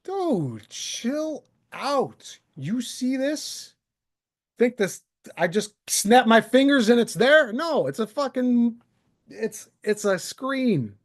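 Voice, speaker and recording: Host, male, 30s, furious sarcastic monologue, higher voice that swings widely in pitch, swears freely, desk mic. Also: takes it slowly. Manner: heated, sarcastic, profane, very animated. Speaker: channel host. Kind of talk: angry solo rant to camera. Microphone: desk microphone.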